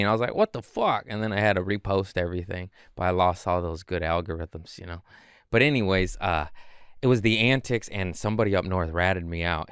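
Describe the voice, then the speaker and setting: A man, a comedian guest, telling stories casually and animatedly, swearing and acting out quotes in high voices. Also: a bit bright, clear, resonant tone, no echo, clean studio sound. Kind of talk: casual storytelling.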